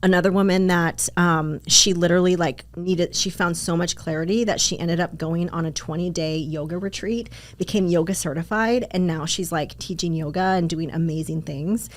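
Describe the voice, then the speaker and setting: A woman with a slightly lower-than-average voice chats easily as a podcast guest. She talks with upbeat energy, leaning on fillers like "like" and "um" as she explains things. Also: moderate pace, hardly any pauses. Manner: chatty, upbeat, filler-heavy with "like" and "um". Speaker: podcast guest, business coach. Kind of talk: casual interview chat.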